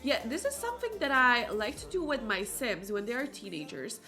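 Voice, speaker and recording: A young adult woman streaming a life-sim game, chatting in an excitable, rambling way. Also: fairly high pitch, brisk, soft background music. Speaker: let's play streamer. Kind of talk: gameplay commentary.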